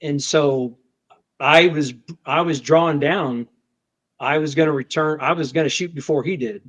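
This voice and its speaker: A man, a federal agent, recounting a confrontation in casual conversation, repeating words and acting out what was shouted. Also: a little high, a little slow. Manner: animated, restarts often, acts out shouted quotes. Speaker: federal agent telling a story. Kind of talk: conversational storytelling. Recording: dull lo-fi podcast audio.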